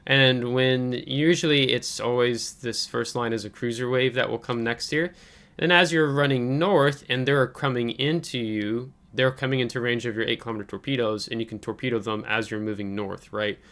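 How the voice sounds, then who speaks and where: A man's voice: medium pitch, fairly even intonation, normal speed, fairly bright tone. A man hosting a channel, giving casual coaching commentary on a viewer's game match, analytical and hesitant with frequent ums, and coughing now and then. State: keeps coughing.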